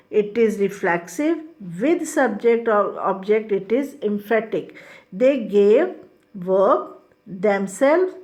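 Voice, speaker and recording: Slow-paced woman teaching grammar. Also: on the high side, a little mellow. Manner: slow, explaining step by step with repetitions. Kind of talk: grammar lesson.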